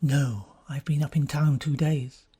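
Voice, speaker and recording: A woman's voice: low-pitched, fairly even intonation, unhurried, warm tone, husky, exaggerated voice. A woman voicing an earnest, bluff young man, recently out of the Navy, in an audiobook. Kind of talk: audiobook character reading.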